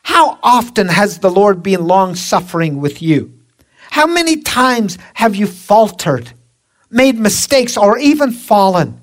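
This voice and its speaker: Slow, emphatic woman preacher. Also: a little high. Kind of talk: sermon.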